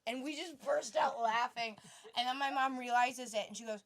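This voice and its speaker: A woman's voice: high-pitched, normal speed, slight background noise. A young woman co-hosting a podcast, telling stories in casual chat and laughing often. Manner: animated storyteller, laughs often. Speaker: podcast co-host.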